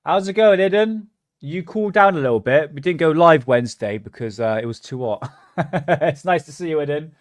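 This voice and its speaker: A man's voice: on the high side, lively intonation, a little fast, no room sound, studio quality. Man hosting a casual livestream. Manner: chatty, mocking, laughs often. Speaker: livestream host.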